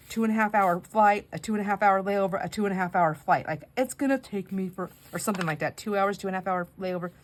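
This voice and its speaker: A woman's voice: mid-range voice, slight background noise. A woman chatting casually while decorating pages, telling a rambling story with asides about her crafting. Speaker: craft vlogger.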